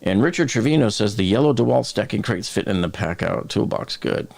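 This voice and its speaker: Gravelly-voiced man hosting a chatty live stream. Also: fairly low pitch, expressive, fairly quick, a little mellow. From Boston area. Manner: chatty, joking, reads viewer comments aloud. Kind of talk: casual live stream chat.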